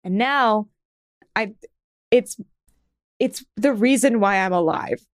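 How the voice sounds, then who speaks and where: A woman co-hosting a podcast in casual chat, frank and quick to laugh, swearing freely. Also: medium pitch, no room sound, clean studio sound. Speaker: podcast co-host.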